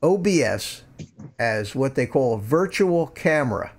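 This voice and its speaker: A man's voice: mid-range voice, very animated, a little slow. An older man hosting a casual live stream from home, rambling and repeating words as he talks into a desk microphone. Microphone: desk microphone through a USB mixer.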